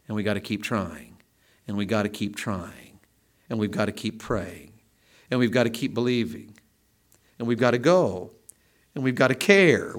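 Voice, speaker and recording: A man's voice: mid-range voice, fairly bright tone. A man preaching a sermon, fervent and emphatic, driving home repeated phrases.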